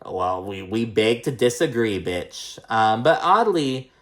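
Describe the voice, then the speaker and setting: A man's voice: lowish voice, very animated, takes it slowly. Blunt, profane man recapping reality TV. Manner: blunt, profane, opinionated, lots of fillers. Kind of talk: casual recap commentary.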